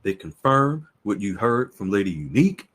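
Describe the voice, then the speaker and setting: A man's voice: lowish voice, sing-song, moderate pace, fairly bright tone. A man hosting a podcast in an earnest, repetitive way, often restarting his sentences. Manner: earnest, repeats words and restarts. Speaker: podcast host. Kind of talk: casual podcast talk.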